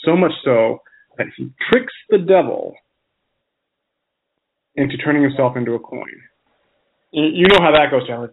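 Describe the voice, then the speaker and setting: A man co-hosting a podcast, telling a folk tale in a relaxed, chatty way with frequent restarts. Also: medium pitch, moderate pace, pauses often. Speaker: podcast co-host. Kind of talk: casual storytelling chat. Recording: phone-like narrow sound.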